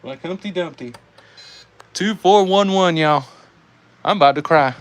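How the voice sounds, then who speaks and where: A man with a Southern US accent calling live die-cast car races, excitable and saying y'all, reading out times as each heat ends. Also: high voice, measured pace. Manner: excitable, calls out race times, says y'all. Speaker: die-cast race host and commentator. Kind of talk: live race commentary.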